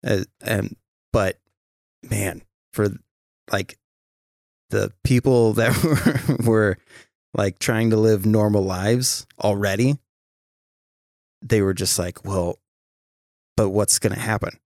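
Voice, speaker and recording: Man, podcast host, casual chat, profane, animated, lowish voice, dry recording. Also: slow pace, pauses often, no echo.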